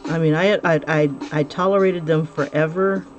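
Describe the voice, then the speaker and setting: A woman's voice: low-pitched, steady tone, normal speed, muffled recording. A chatty woman livestreaming while she draws, talking to viewers with frequent laughs and restarted sentences. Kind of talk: casual livestream chat while drawing. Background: music playing clearly.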